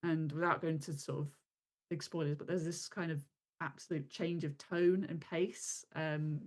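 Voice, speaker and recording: Low-voiced woman reviewing a film. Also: fairly even intonation. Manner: measured, many fillers and hedging phrases. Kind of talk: casual film review chat.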